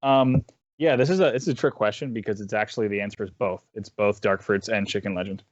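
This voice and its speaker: A man's voice: on the low side, steady tone, quick pace, no echo, highs cut off. A man chatting casually as an interview guest, rambling with lots of restarts and self-deprecating asides. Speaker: guest caster.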